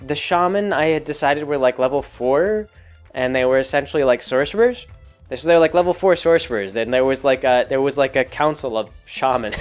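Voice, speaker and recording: A man's voice: fairly high pitch, smooth. A man running a tabletop game recaps a session in casual chat. He rambles amusedly, full of "like" and restarts. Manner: amused, laughs along as he tells it. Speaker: game master and host.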